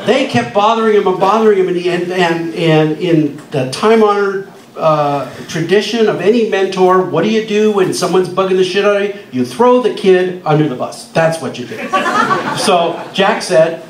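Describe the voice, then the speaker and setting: An older man stands in a music club telling an animated story, often laughing as he acts out quoted voices. His voice sits a little high for a man and carries a soft hiss beneath. It sounds roomy and off-mic, caught from a distance across the venue. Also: normal speed. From Canada. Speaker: guest speaker telling a story. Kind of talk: storytelling speech at an event. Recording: echoey club from far off.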